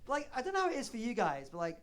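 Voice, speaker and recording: Brief: Leeds stand-up comic, late 30s, flamboyant, animated, faint room noise. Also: male voice, very high-pitched, rapid-fire. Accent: Northern English, Leeds. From Leeds, north of England. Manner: flamboyant, animated, self-mocking. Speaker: stand-up comedian. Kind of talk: stand-up comedy set. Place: comedy club stage.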